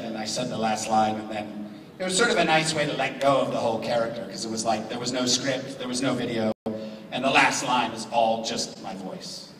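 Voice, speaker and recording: A middle-aged man, a voice actor guest at a convention panel, telling stories and jokes in an animated way. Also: medium pitch, background noise. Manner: jokey, animated storyteller. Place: large convention hall. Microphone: far from the recording device. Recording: echoey hall from far off, loud crowd.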